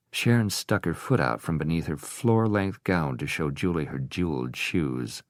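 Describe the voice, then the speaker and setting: A man narrating an audiobook in a steady, even storytelling manner. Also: a bass voice, measured pace, dry recording, studio quality.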